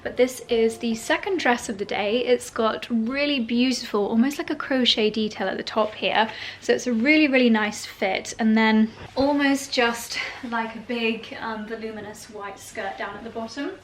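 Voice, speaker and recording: A woman's voice: fairly high pitch, slight background noise. A woman chatting casually to the camera in a vlog, bubbly and easygoing, laughing now and then as she talks. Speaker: lifestyle vlogger.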